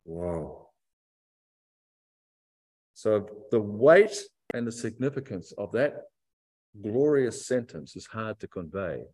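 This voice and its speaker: A man preaching a sermon to a church congregation, reflective and emphatic, stretching key phrases out slowly. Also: fairly low pitch, sing-song, darkish tone. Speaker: pastor.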